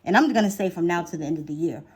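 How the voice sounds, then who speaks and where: A woman's voice: on the low side, rapid-fire, darkish tone, slightly rough. Chatty woman giving a tarot reading. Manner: chatty, repeats phrases for emphasis; drops to a whisper while drawing cards. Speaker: tarot reader.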